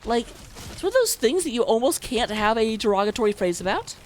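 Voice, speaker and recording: A woman's voice: on the high side, sing-song, a little fast. Chatty woman casting a video game. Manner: chatty, self-mocking, laughs easily. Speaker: esports caster. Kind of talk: live game commentary.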